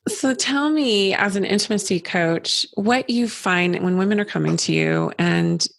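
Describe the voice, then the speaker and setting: A woman in her forties hosting a casual interview, chatty and quick with asides and laughter. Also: mid-range voice, expressive, gravelly, no room sound. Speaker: podcast host.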